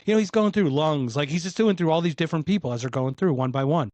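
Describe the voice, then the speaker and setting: A podcast guest from Philadelphia tells a story in casual conversation, animatedly acting out the lines other people said. His voice is a little high and quick, and there's no echo.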